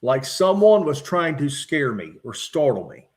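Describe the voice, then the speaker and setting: Middle-aged man, slightly high voice. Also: sing-song. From West Virginia. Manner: measured, matter-of-fact retelling with frequent "uh" fillers. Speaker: podcast guest, former state trooper. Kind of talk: recounting personal encounters from notes.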